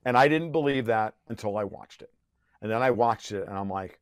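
A man with a lowish, clean-toned voice rants furiously as a podcast guest. He swears, mocks and jabs sarcastically, stumbling into quick restarts and lots of filler words. The recording is dry.

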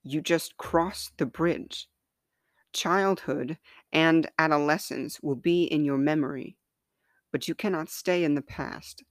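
A woman's voice: deep voice, slow, no echo, clean studio sound. A woman voicing the Body as a patient grown woman who firmly coaxes the others to cross into womanhood. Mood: coaxing. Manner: firm, coaxing, reassuring.

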